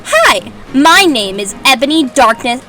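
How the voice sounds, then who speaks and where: A melodramatic teenage goth girl who is a vampire and a witch, as a woman reads her aloud, drawn out slow and pitched up high. Every line is laid on thick and over-dramatic. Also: very animated, bright, forceful tone, faint music behind, full character voice.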